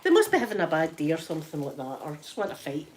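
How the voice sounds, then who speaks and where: A woman's voice: low-pitched, wildly swooping pitch, fast talker. A Scottish woman chatting casually to her viewers at home, talking freely and laughing often. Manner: chatty, laughs often, addresses chat by name. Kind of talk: casual live-stream chat while ironing.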